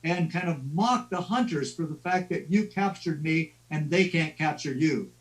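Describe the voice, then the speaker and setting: A man's voice: a little high, lively intonation, normal speed, close to an everyday voice, low-quality recording. A man voicing a clever rooster who goads a fox. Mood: goading.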